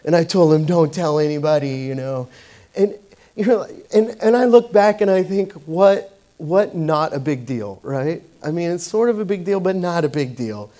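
Guy preaching, kinda high voice, casual and chatty with lots of um and you know. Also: expressive, moderate pace, mellow. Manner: conversational, many fillers and restarts. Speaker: pastor. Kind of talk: sermon with personal story.

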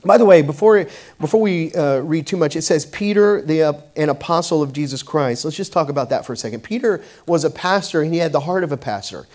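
A man's voice: fairly high pitch, expressive, fairly quick, a little mellow. A man preaching a sermon in a conversational way, telling a personal story with many fillers and restarts. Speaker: pastor.

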